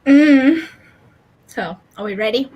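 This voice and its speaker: A tipsy woman with an Irish accent cohosting a casual livestream chat, giggly and halting, often breaking off mid-sentence. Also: high-pitched, lively intonation, a little mellow, husky, dull audio. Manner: giggly, halting, self-interrupting.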